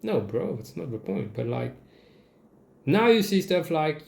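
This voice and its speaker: Animated Mauritian man in an echoey room. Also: fairly high pitch, moderate pace, vocal fry. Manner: animated, sarcastic, swears freely. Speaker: vlogger. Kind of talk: casual comedic commentary.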